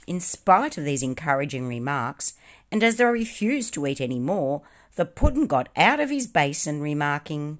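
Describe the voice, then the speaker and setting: A woman reading a storybook aloud with expressive, lively narration. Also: rumbling low, measured pace. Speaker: reader.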